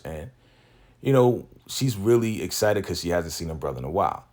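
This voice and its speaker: A man with a deep, low-pitched voice walks through a TV episode in a relaxed recap. His talk is loose and full of slang, and he acts out the characters' lines as he goes. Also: normal speed. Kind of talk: casual spoken recap commentary.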